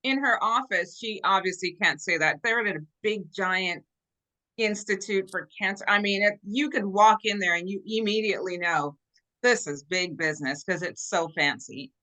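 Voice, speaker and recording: A woman guest telling her story in an animated, earnest way over a video call. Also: mid-range voice, normal speed, low-quality recording. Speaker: interview guest. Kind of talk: casual storytelling.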